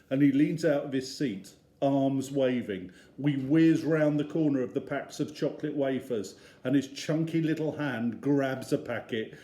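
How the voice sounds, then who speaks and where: A teacher reading a picture book to his class, slow and unhurried. His voice rises and falls with lively expression. The sound is roomy with a clear echo. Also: medium pitch. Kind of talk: reading a children's story aloud.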